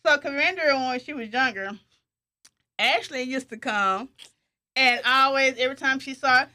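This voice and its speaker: High, bright-voiced woman telling stories. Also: moderate pace. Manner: animated storyteller, laughs often. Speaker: podcast host. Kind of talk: casual family chat.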